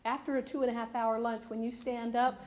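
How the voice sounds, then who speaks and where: A woman's voice: a little high, little pitch movement, a little fast, a little mellow. A woman on a panel telling a self-mocking story about her work travels, laughing as she goes. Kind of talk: anecdote on a panel. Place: conference hall.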